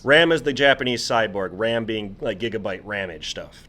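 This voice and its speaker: With a fairly low voice at a normal speed, a man co-hosting a casual podcast recounts an old comic book. He sounds animated and amused, as if he can hardly believe what he's reading.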